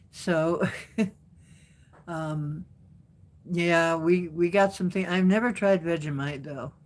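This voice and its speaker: A woman runs a relaxed live stream, chatting with viewers and replying to their comments at an easy pace, laughing often. Her voice is low and a bit mellow.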